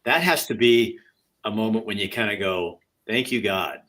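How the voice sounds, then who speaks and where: A man's voice: on the low side, normal speed, fairly bright tone. A man hosting an interview, asking short, encouraging follow-up questions. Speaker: interview host. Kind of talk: conversational interviewing.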